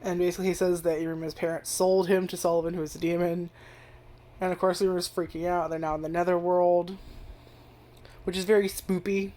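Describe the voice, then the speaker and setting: A woman's voice: lowish voice, flat delivery, fairly quick, dark tone. A young woman casually reviewing an anime, rambling and swearing, with lots of "like" fillers. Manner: rambling and profane, heavy use of filler "like".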